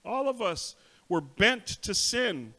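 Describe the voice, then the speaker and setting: A middle-aged pastor preaching a sermon in a church, switching languages and telling stories with animated acted-out voices. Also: high voice, slow. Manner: animated storytelling, acts out voices. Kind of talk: bilingual sermon, self-translating. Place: church sanctuary.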